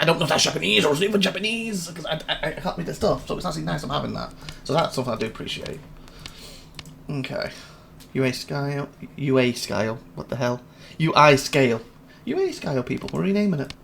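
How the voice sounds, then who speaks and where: A man hosting a gaming channel offers laid-back let's-play commentary on a game demo, musing aloud and rambling while reading through menus. His voice is medium-pitched and creaky, with loud game music underneath and slight background noise.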